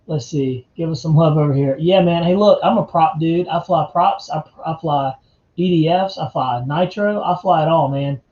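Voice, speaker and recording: Male livestream host, easygoing chatter, slightly high, mellow tone, echoey home setup. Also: normal speed, highs cut off. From North Carolina, US. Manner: laid-back, chatty, calls viewers man and dude. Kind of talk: casual live chat.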